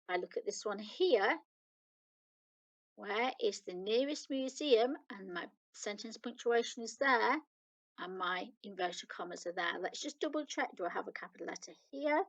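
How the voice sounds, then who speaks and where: A woman with a British accent teaches young children in a recorded lesson. She reads each example slowly and patiently. Her mid-pitched voice carries a gravelly edge. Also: lively intonation, lo-fi sound. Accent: British English. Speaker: primary school teacher.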